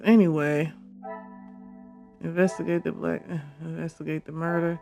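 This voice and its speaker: Excitable gamer commentating a playthrough. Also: medium pitch, normal speed, vocal fry. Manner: animated, exclaiming, laughing often. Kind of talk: casual let's-play commentary. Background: game music.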